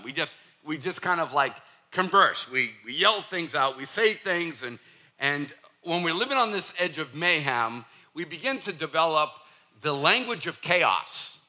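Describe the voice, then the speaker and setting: A man preaching a sermon in church, casual and animated, acting out the sharp things people say at home. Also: fairly high pitch. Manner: animated, acts out scolding parents. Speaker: pastor.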